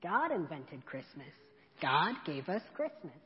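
A woman reading aloud, voicing a gentle, patient mother bear who explains things in a soft, reassuring way. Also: sits low, very animated, a little slow. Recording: dull echoey church hall.

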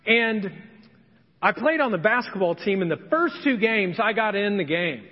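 A man's voice: sits high, animated, moderate pace. A pastor from Indiana preaching a conversational sermon, acting out the voices of people he quotes. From Indiana, USA. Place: church sanctuary. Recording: echoey hall, dull lo-fi sound.

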